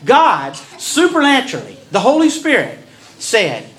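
A male pastor preaching a sermon, swinging from slow, dramatic pauses to sudden loud bursts. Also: extremely high pitch, wildly swooping pitch, low-quality recording.

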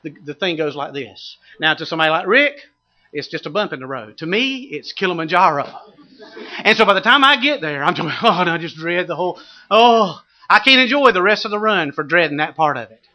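A middle-aged pastor with a high, brisk voice preaches a sermon. He tells a funny story from his own life with animated humor, then builds to shouted, fervent exhortation.

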